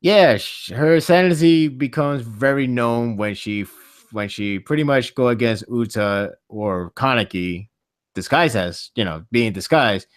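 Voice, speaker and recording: A man's voice: mid-range voice, measured pace, no room sound. Rambling man on a dry-mic podcast. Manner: rambling, animated, laughs often. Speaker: podcast host. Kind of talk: casual podcast chat.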